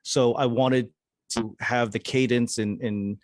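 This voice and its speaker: A man's voice: mid-range voice, fairly even intonation, slow, darkish tone, no room sound, studio quality. A man with a Boston accent, a stand-up comedian chatting casually as a podcast guest.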